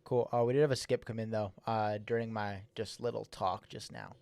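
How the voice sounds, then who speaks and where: This young livestream host's voice sits on the low side, gravelly but smooth and a little mellow, with fairly even intonation and a slightly fast pace on a dry recording. He reviews a submitted song casually, rambling with fillers and repeated words. He says he slurs his S's a little, and they are slightly slurred.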